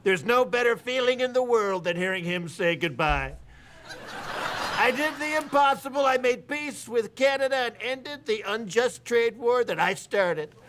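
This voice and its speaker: A comedian playing a male US president in a TV sketch: boastful, rambling and whiny, with a gravelly edge. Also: very high-pitched, lively intonation, a little slow, fairly bright tone, a little hiss or hum, full character voice. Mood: blustering. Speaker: comedian doing a presidential impression.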